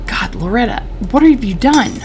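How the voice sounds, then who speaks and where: A woman's voice: lowish voice, quick pace, a little hiss or hum, natural voice. A woman reading a crude drunk 1940s husband. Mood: alarmed. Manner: gruff, cursing. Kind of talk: reading game dialogue aloud.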